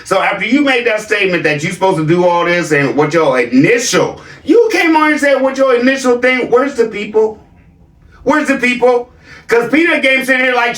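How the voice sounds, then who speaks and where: A man's voice: extremely high pitch, lively intonation, normal speed, fairly bright tone, echoey room, recorded from a distance. A man hosting a reaction video, mocking a clip with sarcastic commentary and repeated catchphrases.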